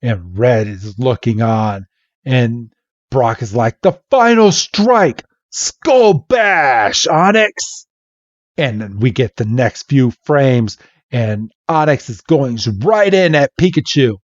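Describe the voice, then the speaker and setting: Podcast host, man, playful comic recap, unhurried pace, slightly dull lo-fi audio. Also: mid-range voice, no room sound. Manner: animated, playful storytelling. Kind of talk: casual comic recap narration.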